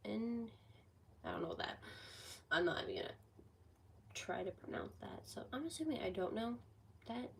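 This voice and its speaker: A sixteen-year-old girl chatting casually on a livestream, rambling with lots of "like", her voice a bit hoarse from a cold. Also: a little high, big pitch swings, moderate pace, long pauses, far from the mic, a little hiss or hum, low-quality recording. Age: teens. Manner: rambling, heavy use of "like". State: sick with a cold, voice going hoarse. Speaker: livestreamer answering chat.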